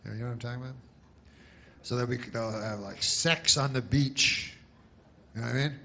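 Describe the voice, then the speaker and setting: A man doing a stand-up comedy set, deadpan and rambling, with many asides and put-on voices. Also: mid-range voice, fairly quick, vocal fry, slight background noise. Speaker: stand-up comic.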